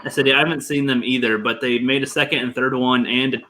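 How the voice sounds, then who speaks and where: A man's voice: mid-range voice, fairly even intonation, quick pace, sharp tone, slight background noise, rough recording. A man speaking as a panelist in a casual online chat, rambling and laid-back with lots of fillers.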